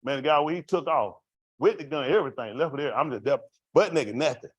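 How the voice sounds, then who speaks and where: A man with a somewhat high voice talks quickly, with no room sound, as he gives a raw street-life testimony to a congregation in everyday vernacular, firing rhetorical questions at the room while telling his story.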